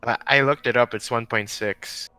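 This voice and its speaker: A man's voice: mid-range voice, fairly even intonation, normal speed, sharp tone, clear, resonant tone, no echo. A man narrating as game master in a casual online tabletop session, thinking aloud and checking rules with many fillers.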